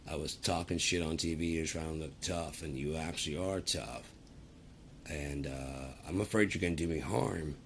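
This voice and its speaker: A man's voice: rumbling low, moderate pace, a bit bright, slight background noise. A man ranting in a casual, profane and rambling way, talking to the camera. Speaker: vlogger. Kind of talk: casual rant.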